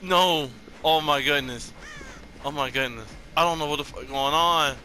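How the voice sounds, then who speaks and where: A man hosting his gaming channel, giving casual gameplay commentary with loud, excitable, repeated exclamations. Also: on the high side, moderate pace, a little hiss or hum. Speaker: gaming YouTuber host.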